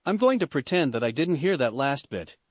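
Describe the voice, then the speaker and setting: A man reading a fan story, voicing a calm, easygoing adult male ninja who talks in rhymes. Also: medium pitch, fairly quick, dry recording. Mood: relaxed. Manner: easygoing, rhyming.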